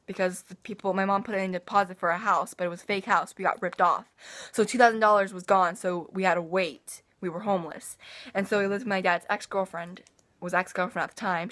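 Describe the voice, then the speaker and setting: A woman's voice: lowish voice, a bit bright. A teenage girl talking straight to her camera in a loose, rambling vlog. She drifts through her story with sighs, restarts and little asides, in an easy, everyday voice. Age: teens. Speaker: vlogger. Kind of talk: casual personal vlog.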